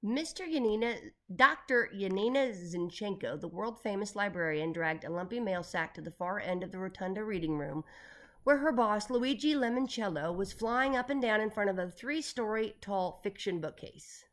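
A woman narrating a children's chapter book in a lively, expressive way. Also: mid-range voice, moderate pace. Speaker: audiobook reader.

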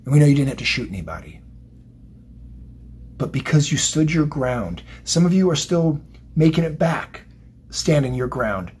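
A man's voice: a little high, expressive, normal speed, long pauses, darkish tone, breathy edge. A man giving a psychic tarot reading, emotional and motivational, rambling and repeating himself. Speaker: tarot reader.

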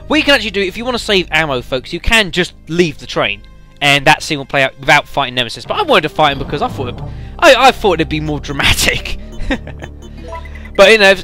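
Let's play narrator, male, bright voice, rambling and friendly with viewers, faint game music under him. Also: on the high side. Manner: chatty, addresses viewers as folks, halting fillers. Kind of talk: casual gameplay commentary.

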